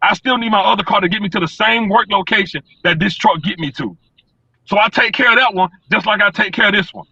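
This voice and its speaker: A man weighs in on a fan panel from inside his truck, blunt and cursing freely as he stumbles over repeated words. His voice is high, bright and husky. It comes through a dry, dull, lo-fi call line. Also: quick pace, no echo. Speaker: sports podcast panelist. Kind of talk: casual sports talk.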